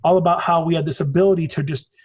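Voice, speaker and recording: A man's voice: fairly high pitch, fairly even intonation, quick pace, a little mellow, husky. A man in his forties, a podcast guest in casual conversation, telling rambling stories and swearing casually. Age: 40s.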